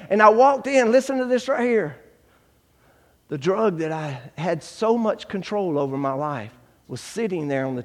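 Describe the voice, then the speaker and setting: High-voiced preacher in a reverberant hall. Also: male voice. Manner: storytelling, acting out dialogue, swings from hushed to shouting. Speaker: guest preacher giving testimony. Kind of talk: testimony sermon.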